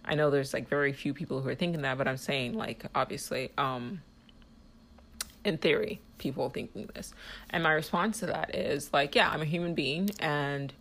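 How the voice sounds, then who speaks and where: A woman's voice: sits low, moderate pace, fairly bright tone. A woman hosting her own podcast, talking in a heated, rambling monologue full of "like" fillers. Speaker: podcast host. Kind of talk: casual monologue.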